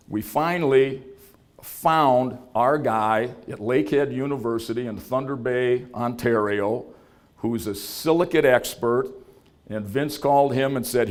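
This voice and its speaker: A man with a drawl tells a story to an audience at a business event. His voice sits at a middle pitch, and he talks in a relaxed, folksy way, acting out the people he quotes. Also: normal speed. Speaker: startup founder giving a talk. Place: event venue.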